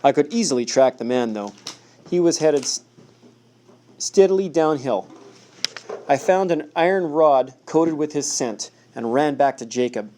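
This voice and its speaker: A man reading a first-person novel aloud in a steady, measured way. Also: on the high side, slight background noise. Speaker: audiobook narrator.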